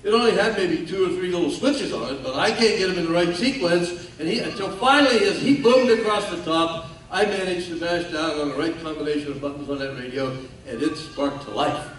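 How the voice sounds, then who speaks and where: An older man with a drawl speaks as guest speaker at a ceremony. His voice sits slightly high and he tells his story with folksy, self-mocking humor. It comes from far off the mic in a reverberant hall, with a faint hiss beneath it. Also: a little fast, fairly bright tone. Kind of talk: storytelling speech.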